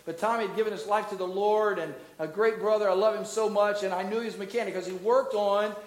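A middle-aged man preaching a sermon as a pastor, asking the congregation questions, building to loud emphatic peaks and dropping low and soft. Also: fairly even intonation, fast talker, echoey room, low-quality recording. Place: church.

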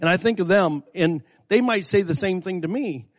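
Folksy preacher in an echoing church. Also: male voice, high-pitched, normal speed. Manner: folksy, repeats himself, rises to fervent emphasis. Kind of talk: sermon storytelling. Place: church sanctuary. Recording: long hall reverb.

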